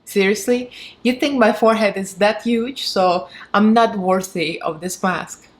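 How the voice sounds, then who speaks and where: A woman's voice: mid-range voice, measured pace. Woman, Russian accent, beauty vlogger, casual, sarcastic, laughs a lot. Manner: chatty, frank and sarcastic, laughs often. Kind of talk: casual product review.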